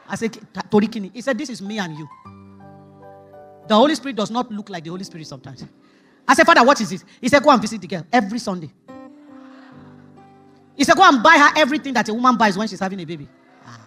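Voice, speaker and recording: A woman preaching a sermon testimony, emphatic, jumping from loud outbursts to hushed asides. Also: fairly high pitch, expressive, fast, pauses often, soft background music.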